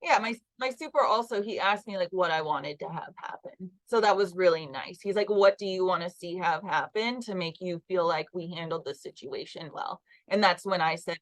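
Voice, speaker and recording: A woman's voice: fairly low pitch, normal speed, hardly any pauses, poor audio. A woman, a construction project manager, candidly recounting a workplace incident as an interview guest. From Los Angeles. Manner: earnest, recounts events with quoted dialogue.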